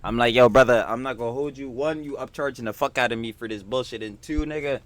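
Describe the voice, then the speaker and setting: A man co-hosting a casual reaction show, talking in heavy slang with lots of swearing and animated emphasis. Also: medium pitch, fast talker. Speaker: co-host.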